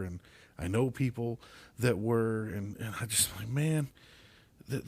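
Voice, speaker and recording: A man's voice: lowish voice, a little mellow. A man hosting his own podcast, talking alone in an exasperated, profane rant and repeating words as he gets heated. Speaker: podcast host.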